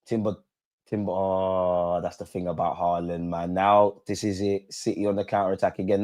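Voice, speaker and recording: A deep, mellow-voiced man speaks at a moderate pace while hosting a live football watch-along. He gets emotional at the players and referee on screen, his talk casual and slangy with some swearing.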